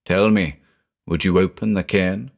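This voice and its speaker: Guy reading a stern old woman in a storybook, deep powerful voice, somber and old-fashioned. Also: steady tone, measured pace, gravelly. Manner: somber, archaic speech.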